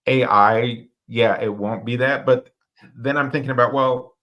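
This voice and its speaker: A man's voice: medium pitch, steady tone, unhurried, dull audio. A man co-hosting a podcast, speaking reflectively and thinking ideas through aloud. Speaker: podcast co-host. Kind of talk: casual discussion.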